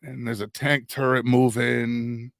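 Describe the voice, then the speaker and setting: A man's voice: medium pitch, little pitch movement, slow, creaky, fairly bright tone, dry recording. A middle-aged man co-hosting a podcast in casual chat, rambling through a story with frequent restarts and swearing. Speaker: podcast co-host.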